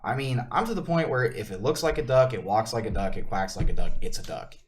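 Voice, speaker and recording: A man co-hosting a church podcast in casual conversation, speaking forcefully and insistently. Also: mid-range voice, lively intonation, quick pace, slight background noise.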